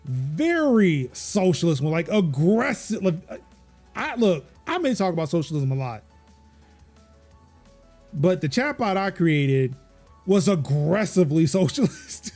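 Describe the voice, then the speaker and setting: A man hosts a laid-back tech podcast, his voice sitting a bit high for a man. He rambles through his points with frequent ums and self-corrections. A soft bed of music runs quietly behind him. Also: sing-song, measured pace, pauses often. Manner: rambling, many fillers and restarts. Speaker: podcast host. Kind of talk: casual tech chat.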